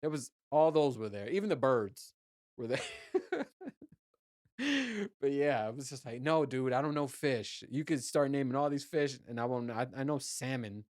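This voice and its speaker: With a medium-pitched, slightly mellow voice at normal speed, recorded with clean studio sound and no echo, a Puerto Rico-raised podcast host tells listeners a rambling, profane story. He chats casually, laughs at himself, and mentions his ears are still clogged from diving.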